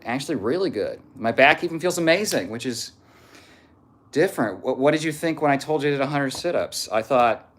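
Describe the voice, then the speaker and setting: A man with a medium-pitched voice reads chat comments aloud on his livestream, keeping things jokey and casual. Every so often he slips into a mock Southern drawl.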